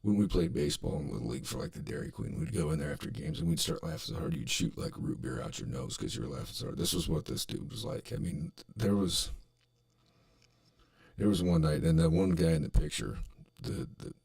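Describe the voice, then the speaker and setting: A man's voice: low voice, very animated, fairly quick, gravelly, darkish tone. A middle-aged man hosting a podcast, telling a rambling, profane story full of restarts and fillers. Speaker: podcast host. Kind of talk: casual storytelling monologue.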